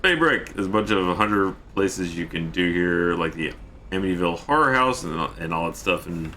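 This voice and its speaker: Guy streaming a game, cracks jokes, reads chat, lowish voice with a bright edge. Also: animated, moderate pace, a little hiss or hum. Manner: joking, reads chat messages aloud. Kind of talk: casual gameplay commentary.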